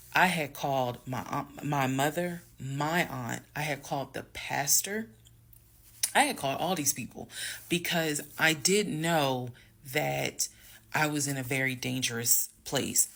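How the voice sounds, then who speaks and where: A woman telling a story from her own life to viewers, emphatic and direct, dropping to hushed whispers and rising to loud bursts. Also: a bass voice, creaky. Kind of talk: storytime monologue.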